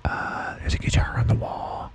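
A man's voice: moderate pace, poor audio. A man doing a whispered ASMR segment, rambling and self-mocking. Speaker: podcast co-host.

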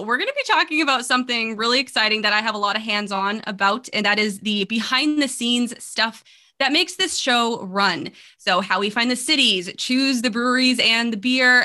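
A woman's voice: a little high, sharp tone. A woman co-hosting a casual podcast, bubbly and chatty, talking over a remote call mic. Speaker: co-host.

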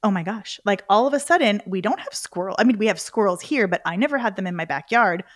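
A woman's voice: medium pitch, animated, fast, dry recording, clean studio sound. A middle-aged woman, a podcast guest, chatting casually and animatedly, acting out her own reactions as she tells a story. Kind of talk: casual interview chat.

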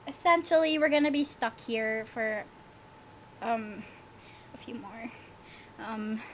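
A woman's voice: a little high, slow pace, a little hiss or hum, rough recording. A young woman co-hosting a casual podcast, chatty and full of filler words. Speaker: podcast co-host. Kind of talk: casual chat.

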